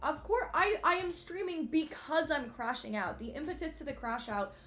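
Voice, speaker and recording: A woman's voice: high-pitched, lively intonation, normal speed, a bit bright. A woman in her twenties, a streamer, venting to her chat in a rambling, exasperated way, full of fillers and swearing. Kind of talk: casual live-stream venting. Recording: faint music behind.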